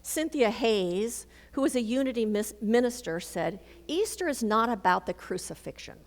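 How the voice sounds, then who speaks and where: A woman's voice: fairly high pitch, normal speed. Woman, sermon, storytelling, acts out conversations, long hall reverb. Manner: storytelling, animated, acts out dialogue. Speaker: minister.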